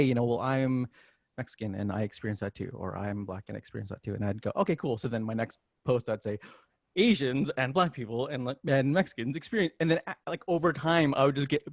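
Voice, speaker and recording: A man from the United States on a podcast panel, speaking in a thoughtful, measured way with a few fillers. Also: mid-range voice, gravelly, dry recording, studio quality. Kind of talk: casual panel discussion.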